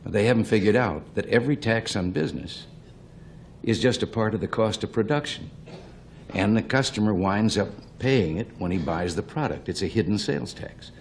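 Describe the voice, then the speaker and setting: Wry older man, low voice. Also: animated, normal speed, creaky, a little hiss or hum. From American Midwest. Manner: plainspoken, wry, anecdotal. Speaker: politician guest. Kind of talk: folksy talk-show conversation.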